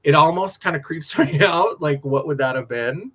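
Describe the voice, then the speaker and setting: A man, a drag performer, chatting casually on a late-night livestream, animated, laughing often and drifting from story to story. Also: a little high, moderate pace.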